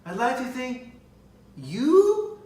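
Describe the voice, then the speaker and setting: A man doing an exaggerated, stagey impersonation of an imperious old-Hollywood film star, pitched high. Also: wildly swooping pitch, drawn-out words, dark tone, exaggerated voice. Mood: grand. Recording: echoey room, voice from far off.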